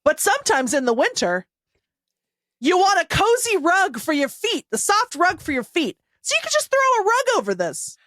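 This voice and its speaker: A woman co-hosting a podcast in casual chat, joking and reacting quickly with lots of laughter. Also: extremely high pitch, big pitch swings, a bit bright, dry recording, clean studio sound. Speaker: podcast co-host.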